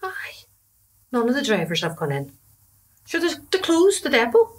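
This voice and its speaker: In a comedy drama, an actress plays a chatty, gossipy middle-aged wife and mother with a Belfast accent. Her voice is a little high and swings hugely in pitch, at a normal speed.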